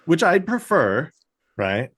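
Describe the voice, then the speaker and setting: A man co-hosting a laid-back podcast, rambling through an episode recap with constant fillers and the odd curse. His pitch swings up and down a lot as he talks, and he slips into mock voices for the characters. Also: sing-song, takes it slowly, a bit bright, breathy edge. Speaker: podcast co-host. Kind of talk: casual chat, recapping a TV episode.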